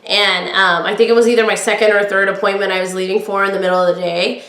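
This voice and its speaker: Podcast host, middle-aged woman, loud projecting voice, candid chatty storytelling, room echo. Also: mid-range voice, fast talker. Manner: candid, chatty, quotes others in lively voices. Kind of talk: personal storytelling.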